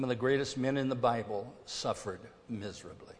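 A man preaching a sermon as pastor, emphatic and deliberate, his delivery swinging between hushed and loud. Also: mid-range voice. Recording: long hall reverb.

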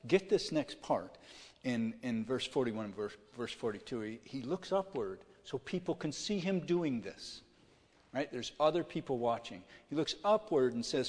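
A man preaches at a mid pitch, speaking to his congregation as if chatting and pausing to ask whether they are following along. His voice rings out with a long reverb, as in a large church hall. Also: animated, a little mellow. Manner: checks in with listeners, plain-spoken retelling. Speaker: pastor. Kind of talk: conversational sermon.

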